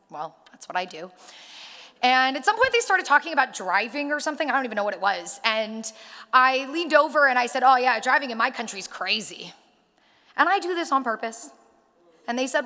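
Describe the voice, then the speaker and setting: Woman, rally speaker, bright forceful voice, storytelling, long hall reverb. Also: sits high, brisk. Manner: animated storyteller acting out dialogue. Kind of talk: public speech with storytelling.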